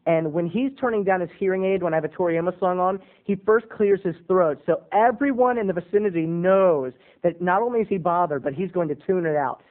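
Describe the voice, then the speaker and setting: A man in his twenties, a video blogger telling a comic story in an animated, dramatic, self-mocking way. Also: high-pitched, brisk, hardly any pauses, narrow, tinny audio. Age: 20s.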